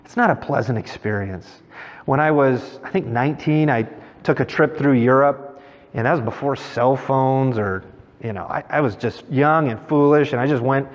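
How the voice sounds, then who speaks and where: A middle-aged man preaching a sermon in a conversational way, mixing scripture with personal stories. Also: mid-range voice. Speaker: pastor. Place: church sanctuary. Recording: dull sound with long church reverb.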